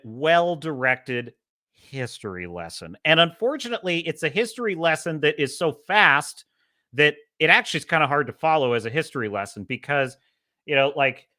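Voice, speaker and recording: Podcast host, young man, lively casual film critique, bright forward tone. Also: no echo, studio quality. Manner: animated, rises high when quoting. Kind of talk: casual movie review.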